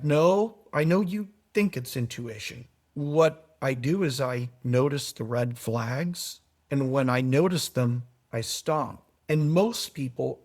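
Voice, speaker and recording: Man, middle-aged, fairly high-pitched, animated storyteller, podcast guest. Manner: animated storytelling, swings from soft asides to emphatic peaks. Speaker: podcast guest, foundation manager. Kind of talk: conversational podcast interview.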